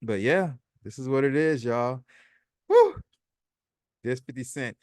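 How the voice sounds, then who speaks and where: A man's voice: medium pitch, expressive, slow pace, a little mellow, no room sound, studio quality. A man hosting a casual commentary vlog, chatty and sarcastic, reading posts aloud and adding his own comments. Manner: chatty, sarcastic, repeats himself. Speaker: host.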